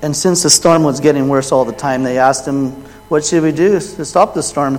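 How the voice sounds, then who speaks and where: A man preaching a sermon and retelling a Bible story. He swings between loud, raised quoted lines and quiet, low asides. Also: moderate pace. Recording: long hall reverb.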